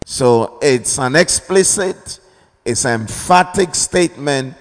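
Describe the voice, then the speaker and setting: A man preaching in a slow, measured cadence, going back over his key phrases. His voice sits a little high for a man and comes through smooth and clear. A long reverb from a large hall trails each phrase. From Ghana. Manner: slow, deliberate, repeats key phrases, calls for amens. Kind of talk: sermon.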